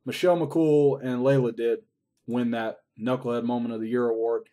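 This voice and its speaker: A man's voice: medium pitch, steady tone, moderate pace, dark tone. A man recapping a wrestling show in a casual, rambling way, swearing often. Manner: profane, rambling play-by-play.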